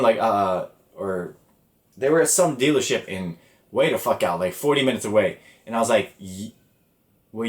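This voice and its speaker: A young man hosting a podcast, telling a story casually and with a lot of swearing. He sounds exasperated as he acts out the conversations. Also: mid-range voice. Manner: animated, profane, exasperated retelling with quoted dialogue. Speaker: podcast host. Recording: roomy echo.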